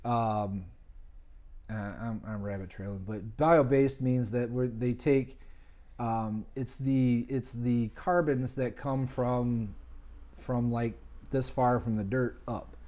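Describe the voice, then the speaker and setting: Male podcast guest, animated storyteller, mid-pitched, casual chat. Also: slow pace. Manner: animated storyteller, acts out quoted voices. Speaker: podcast guest, business owner.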